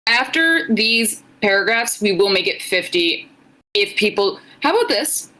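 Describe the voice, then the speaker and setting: A woman's voice: medium pitch, lively intonation, a little slow, sharp tone, rough recording. A young woman co-hosting a podcast, blunt and joking as she reads fan fiction aloud in casual chat. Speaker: podcast co-host.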